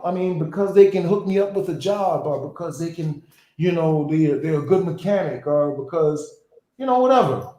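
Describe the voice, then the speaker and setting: A man's voice: on the high side, warm tone. Reflective man in an echoey room. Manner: reflective, philosophical, drawn-out phrasing. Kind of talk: casual conversation.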